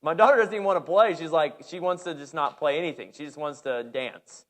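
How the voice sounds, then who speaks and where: A man in his thirties, a pastor, telling a personal story in a conversational, animated sermon with many restarts. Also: fairly high pitch, brisk.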